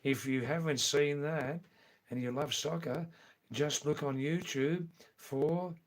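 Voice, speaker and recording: A man's voice: a little high, fairly even intonation, takes it slowly. A man live streaming, chatting in a rambling way and answering viewers by name.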